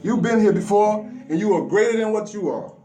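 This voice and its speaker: A man's voice: high-pitched, a little fast, warm tone, poor audio. A man giving a preachy, profane spiritual rant to the listener, repeating words and restarting his sentences.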